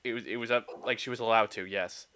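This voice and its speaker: A man in casual podcast talk, calmly pushing back on his co-host. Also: fairly low pitch, fast talker, clean tone. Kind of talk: casual chat.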